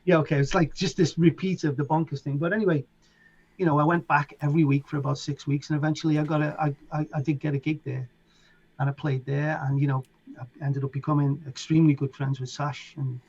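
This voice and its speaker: A middle-aged man from England with a Liverpool accent, a DJ telling animated stories as an interview guest and acting out voices and sounds. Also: on the high side, fast talker, husky, lo-fi sound. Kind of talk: casual storytelling.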